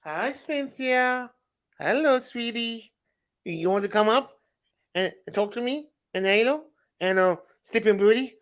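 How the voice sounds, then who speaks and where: A man hosting a livestream, talking in a slow, halting way and greeting viewers by name. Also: high-pitched. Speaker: livestream host. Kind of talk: casual livestream chat.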